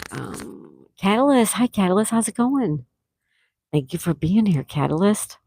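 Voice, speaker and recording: Gravelly-voiced woman hosting trivia. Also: medium pitch, sing-song, dark tone, a little hiss or hum. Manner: reads viewer answers aloud, repeats questions slowly. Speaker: trivia host. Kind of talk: live-stream trivia hosting.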